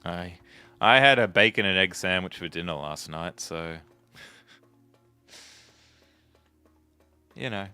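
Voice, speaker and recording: A man's voice: low-pitched, takes it slowly, pauses often, bright, forceful tone, smooth, soft background music. A man giving casual gameplay commentary, chatting and musing aloud to himself as he plays. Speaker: let's play host.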